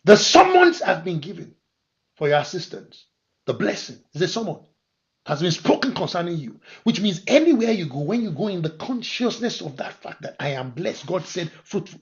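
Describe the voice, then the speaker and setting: Pastor guy preaching, high voice, gets loud and emphatic, muffled lo-fi audio. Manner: preaching with sharp rises to loud emphatic declarations. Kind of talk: sermon. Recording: dull lo-fi sermon recording.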